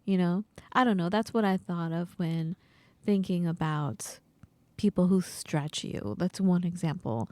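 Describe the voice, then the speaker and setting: Animated woman storyteller on a podcast. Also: lowish voice, a little slow, no room sound. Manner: animated storyteller, acts out quoted voices. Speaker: podcast co-host. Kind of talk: casual chat.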